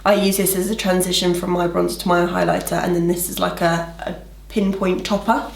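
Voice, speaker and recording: A woman's voice: fairly low pitch, little pitch movement, a little fast, vocal fry, reverberant, background noise. A young woman chatting her way through a makeup tutorial in a bubbly, gushing manner. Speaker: makeup vlogger. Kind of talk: casual makeup tutorial narration.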